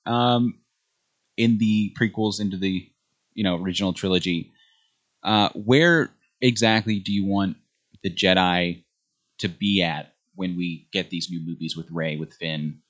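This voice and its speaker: A young man hosting a podcast in a relaxed, joking way, with plenty of fillers. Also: low voice, a little slow. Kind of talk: casual podcast chat.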